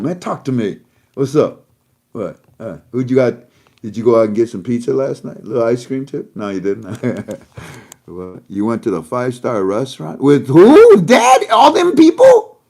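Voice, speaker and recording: A man hosting an online talk show, teasing an imagined listener with mocking banter and swinging between loud emphatic lines and low muttered asides. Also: vocal fry, husky. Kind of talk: casual monologue.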